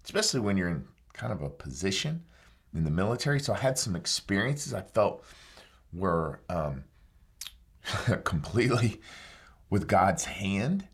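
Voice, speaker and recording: A man's voice: low-pitched, measured pace, pauses often, breathy edge. A man in his forties, a former soldier, telling his story as an interview guest and acting out remembered conversations. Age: 40s. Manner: animated retelling that acts out remembered dialogue.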